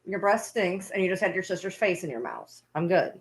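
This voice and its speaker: Lively, low-voiced woman scolding her dogs. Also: fairly quick, breathy edge. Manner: playfully scolding her dogs in a baby-talk tone. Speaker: vlogger. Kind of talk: casual vlog chat.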